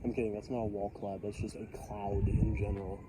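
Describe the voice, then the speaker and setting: A man's voice: lowish voice, level tone, fairly quick. A man filming a storm outside his house, rambling casually with jokey, self-deprecating asides. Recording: outdoor wind and storm noise.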